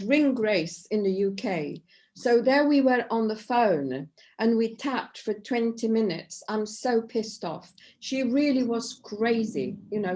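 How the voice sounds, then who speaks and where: Workshop leader: middle-aged woman on a video call, encouraging, asks "okay?" a lot. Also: a little high. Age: middle-aged or older. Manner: warm and encouraging, with frequent "okay?" checks. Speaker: EFT tapping workshop leader.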